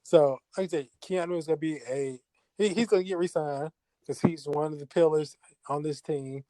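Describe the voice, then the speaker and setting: A man's voice: fairly high pitch, steady tone, moderate pace, mellow, no room sound. A man co-hosting a casual sports talk show, talking in a hesitant way with many restarts. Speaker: podcast co-host.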